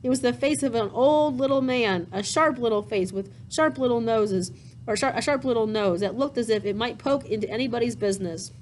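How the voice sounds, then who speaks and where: A woman reading a classic children's storybook aloud, pausing to explain things to young listeners in a gentle, chatty way. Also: on the high side, a little hiss or hum, low-quality recording. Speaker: storybook reader.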